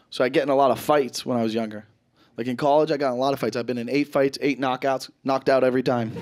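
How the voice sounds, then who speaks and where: A man in his thirties doing a stand-up comedy set, telling stories with animated, loud acted-out quotes. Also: fairly high pitch. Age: 30s. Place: comedy stage before a live audience. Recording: live show with crowd laughter.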